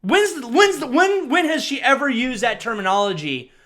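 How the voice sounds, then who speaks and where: Male commentator with a high voice who rants angrily at a news clip. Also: lively intonation, normal speed, fairly bright tone. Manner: agitated, ranting, repeats and restarts. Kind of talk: heated commentary.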